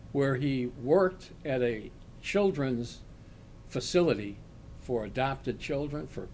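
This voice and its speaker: An older man, a retired law professor, slowly telling a personal story and acting out the shouts in it. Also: medium pitch, slight background noise. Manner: slow, animated storyteller acting out quoted shouts. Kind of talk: oral history storytelling.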